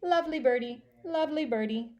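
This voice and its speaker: A woman's voice: high voice, a little fast, dull audio, voice pushed up, natural voice. A woman voicing a male pet mynah bird who repeats words in a squawky bird voice for a storybook reading. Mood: parroting.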